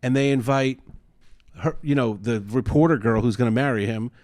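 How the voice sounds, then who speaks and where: A man co-hosting a casual podcast chat, retelling a story with animated acted-out quotes and frequent swearing. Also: mid-range voice, moderate pace. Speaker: podcast co-host.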